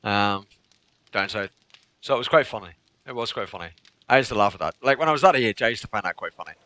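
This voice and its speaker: A live streamer from Northern Ireland chats casually on a game stream in a Northern Irish accent, telling stories animatedly, laughing often, and repeating phrases for effect. His voice sits on the low side, with lively intonation and a quick pace. His tone is sharp, with no room sound.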